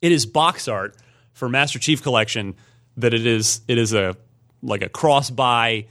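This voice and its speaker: A man hosts a relaxed gaming news podcast in an easy conversational way. He rambles a little, circles back on his points and fills gaps with "uh" and "you know." He sits close to the mic in a dry, dead room. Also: mid-range voice, unhurried, no room sound. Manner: rambling, thinks aloud with fillers. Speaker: podcast host. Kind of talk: casual gaming news chat.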